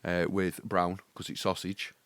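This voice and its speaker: A man, co-hosting a podcast in relaxed, jokey chat and telling stories. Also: low-pitched, measured pace, dry recording. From England. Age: 40s. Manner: jokey, storytelling, breaks into song. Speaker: podcast co-host. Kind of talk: casual chat.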